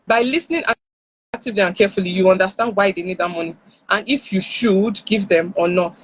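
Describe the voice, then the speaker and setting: A woman with a Nigerian accent speaks to parents on a live stream, lively, and she acts out the lines of parents and children. Her voice is a little husky. It sits close and dry, with no room around it. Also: medium pitch, brisk, no echo, low-quality recording. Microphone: phone or headset on a live stream.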